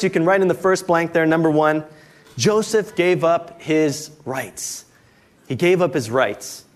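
Pastor guy giving a sermon, folksy and storytelling, voice swings up and down a lot. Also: a little high. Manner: conversational storytelling preacher with jokes; dad, folksy asides.

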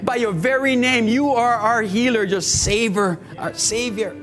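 High-voiced pastor praying earnestly. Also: male voice, a little slow, a bit bright, soft background music. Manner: earnest and pleading, repeats phrases. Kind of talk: sermon and altar-call prayer.

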